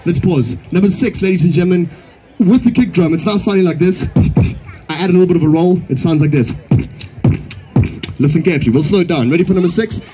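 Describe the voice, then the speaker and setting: A man's voice: high voice, fast talker, pauses often, dark tone, slight background noise. A man performing as a beatboxer, bantering playfully and teasingly with a live crowd. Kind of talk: live stage patter with crowd.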